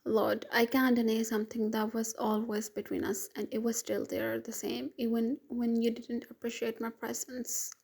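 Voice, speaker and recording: A woman voicing a hurt young wife who speaks gently but firmly. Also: fairly high pitch, level tone, normal speed, creaky, few pauses, husky.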